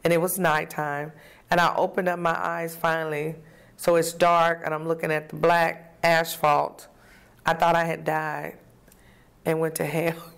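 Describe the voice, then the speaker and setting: A woman with a low, gravelly voice tells her own story in a talk-show interview. She is a lively storyteller who slips into the voices of the people she describes. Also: measured pace. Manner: vivid storyteller, acts out quoted voices. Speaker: guest telling her recovery story. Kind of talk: personal testimony in an interview.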